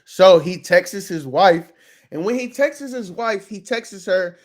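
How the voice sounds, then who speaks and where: A man talks through a TV episode in a loose, unscripted recap. His voice sits a little higher than most men's, and he is casual and profane, with plenty of fillers. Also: expressive, takes it slowly. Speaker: reaction video host.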